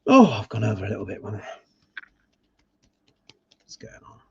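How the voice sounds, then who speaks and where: A man's voice: fairly low pitch, wildly swooping pitch, normal speed, vocal fry, a little mellow, breathy edge. A man giving a live tarot reading in casual, sarcastic talk, often tagging his points with a questioning "yeah?". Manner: sarcastic, emphatic, keeps adding "yeah?" tags. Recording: dull lo-fi sound.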